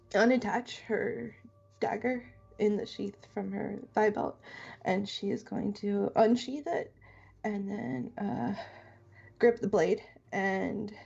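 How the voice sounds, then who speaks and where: A woman playing a tabletop game, describing her character's actions in a soft, hesitant way with many pauses, on muffled audio. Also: medium pitch, vocal fry, husky. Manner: hesitant, lots of ums, soft.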